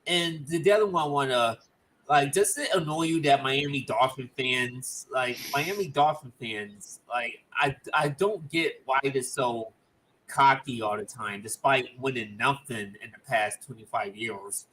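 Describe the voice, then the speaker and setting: A young man co-hosting a casual sports talk livestream, halting and stammering with many restarts. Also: mid-range voice, fairly bright tone, rough recording.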